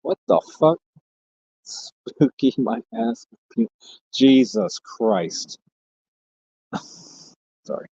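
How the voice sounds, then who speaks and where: A man's voice: medium pitch, expressive, takes it slowly, long pauses, warm tone, slightly rough, dry recording, muffled recording. A man hosting a livestream, chatting casually and joking as he rambles and reads out viewer comments. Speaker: livestream host.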